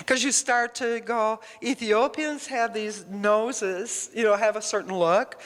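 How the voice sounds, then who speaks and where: Speaking slowly, with hardly any pauses and fairly even intonation, a woman with a higher voice preaches in a church hall whose long reverb fills the recording. Her sermon is conversational yet emphatic and rambling, and she regularly questions the congregation.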